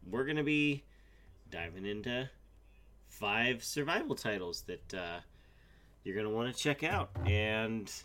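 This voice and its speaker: A man co-hosting a podcast in a casual chat, a bit hoarse as he gets over a sickness, rambling with fillers. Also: fairly low pitch, fairly bright tone. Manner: rambling, with many fillers and restarts. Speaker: podcast co-host.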